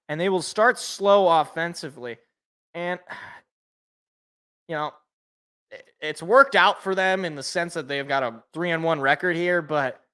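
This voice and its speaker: Man, young adult, bright voice, slightly high, fan play-by-play, rambling, self-correcting. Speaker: fan podcast co-host.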